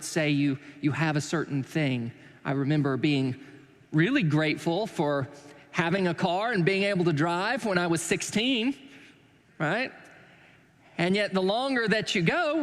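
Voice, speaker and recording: A pastor preaching in a loose, joking way, with high pitch for a man. His voice carries a long reverb from a church sanctuary. He slips in wry asides about himself. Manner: conversational and joking, with self-deprecating asides. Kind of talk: sermon.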